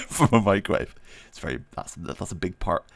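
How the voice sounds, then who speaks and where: A man's voice: deep voice, sing-song, normal speed, vocal fry, no room sound. A man chatting casually on a livestream, reading out viewer questions and rambling with frequent laughs. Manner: rambling, self-deprecating, laughs often; reads chat questions aloud while playing. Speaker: streamer answering viewer questions.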